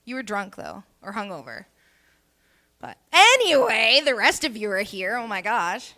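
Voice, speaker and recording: A woman's voice: medium pitch, moderate pace, sharp tone. A young woman, hosting a comedy cabaret with crude, teasing, rambling banter. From Canada. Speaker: comedy show host. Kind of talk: casual stand-up banter.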